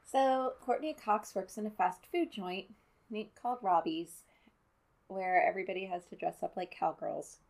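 A woman recapping a film in a loose, chatty way, her voice at an ordinary middle pitch. She sounds exasperated and sarcastic, picking apart every scene. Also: normal speed, vocal fry, darkish tone. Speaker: movie recap commentator. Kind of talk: casual movie commentary.

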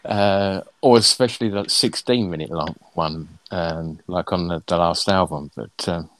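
A man's voice: sits low, unhurried, no echo. A man, a musician guest on a small radio show, talking casually in a hesitant way with many fillers and restarts. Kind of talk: casual radio interview chat.

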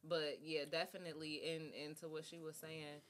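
A woman's voice: low-pitched, level tone, brisk, slight background noise. A woman in a casual podcast chat, talking thoughtfully and searching for words as she goes.

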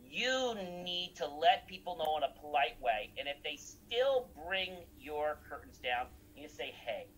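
A man's voice: fairly high pitch, big pitch swings, measured pace, hardly any pauses, a bit bright, rough recording. A man recounting anecdotes in a casual talk, acting out the dialogue he quotes.

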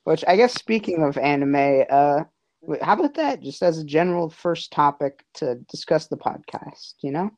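A woman's voice: sits low, expressive, moderate pace, a little mellow, no room sound. A young woman hosting a podcast in casual chat, rambling and cutting herself off often. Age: young adult. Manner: rambling, self-interrupting. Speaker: podcast host.

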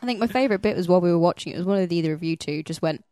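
Woman panelist, quick talker, lower pitch, chatty. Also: dark tone, smooth. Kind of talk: casual chat.

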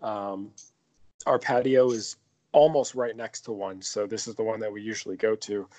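A man's voice: lowish voice, normal speed. A man co-hosting a casual podcast, telling a story with lots of swearing. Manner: animated, profane storytelling. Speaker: podcast co-host.

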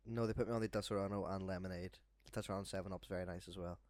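Fast-talking host. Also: male voice, low voice, steady tone, a little mellow, no echo. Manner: quick teasing interjections. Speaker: podcast host. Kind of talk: casual podcast banter.

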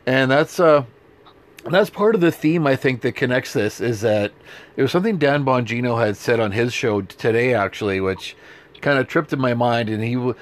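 A man's voice: medium pitch, normal speed. Emphatic, sarcastic male political talk host. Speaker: podcast co-host.

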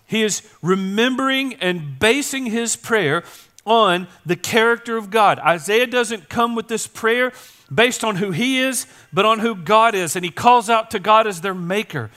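A man preaching a sermon, passionately, his voice rising into pleas and dropping low. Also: lively intonation, normal speed, bright, forceful tone. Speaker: pastor.

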